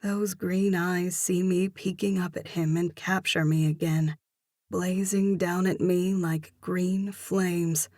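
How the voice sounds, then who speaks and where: A woman narrating a romance novel in first person with steady storytelling. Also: fairly low pitch, slow, no room sound, studio quality. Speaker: audiobook narrator.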